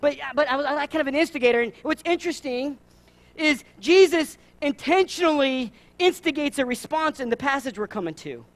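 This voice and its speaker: A man with a Southern US accent preaching a sermon, lively, acting out the people in his stories. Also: very high-pitched, a little fast. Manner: animated, acts out voices in his stories. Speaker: pastor.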